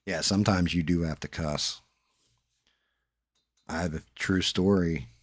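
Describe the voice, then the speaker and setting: Man, very deep voice, laid-back chat, live-stream host, dry sound. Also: fairly even intonation, measured pace, no room sound. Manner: laid-back storytelling with swearing.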